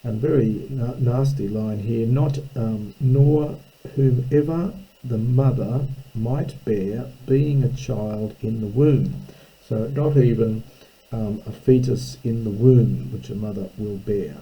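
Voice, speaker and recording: A man teaching a slow, unscripted lesson, reading a text line by line and explaining its grammar, thinking aloud with frequent ums and self-corrections. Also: medium pitch, highs cut off.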